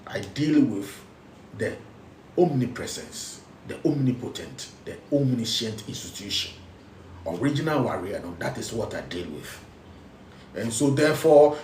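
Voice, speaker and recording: A man's voice: medium pitch, expressive, a little slow, far from the mic. Emphatic Ghanaian man preaching in an echoey room. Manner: emphatic, repetitive, mixes English with local phrases. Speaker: spiritual teacher. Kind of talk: preaching talk.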